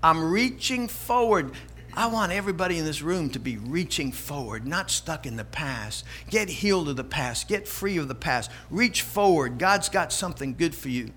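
Older male pastor, high bright voice, energetic emphatic sermon delivery in a church. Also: normal speed, hardly any pauses, a little hiss or hum.

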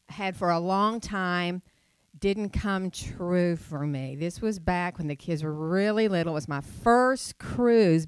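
A woman's voice: mid-range voice, smooth, no echo, studio quality. A middle-aged woman preaching a sermon, chatty and storytelling, with rhetorical questions.

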